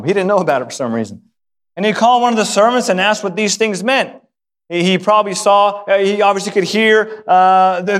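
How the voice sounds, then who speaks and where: A male pastor preaching a sermon, telling a story with lively acted voices and repeating words when excited. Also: high voice. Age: adult, married. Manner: animated storytelling, acting out voices of the father and son. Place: church sanctuary. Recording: hall reverb.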